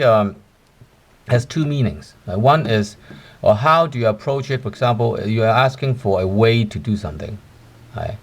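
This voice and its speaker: A man gives a language lesson, explaining step by step. He pads his talk with "uh" and checks in with "right?" after nearly every point. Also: fairly low pitch. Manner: explanatory, with frequent fillers and tag questions. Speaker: language teacher.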